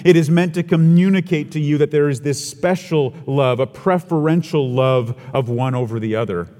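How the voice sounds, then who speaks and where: A man's voice: mid-range voice, a little mellow. Earnest male preacher in a reverberant hall. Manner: earnest expository preaching with rhetorical questions. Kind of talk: sermon.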